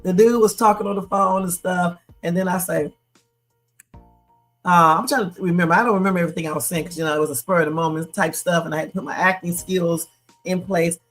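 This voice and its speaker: A woman's voice: fairly low pitch, steady tone, quick pace, soft background music. Laughing, chatty woman livestreamer. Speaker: livestream host. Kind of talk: casual live stream storytelling.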